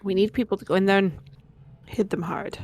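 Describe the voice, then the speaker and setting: A woman's voice: mid-range voice, steady tone, a little fast, darkish tone. Matter-of-fact woman player.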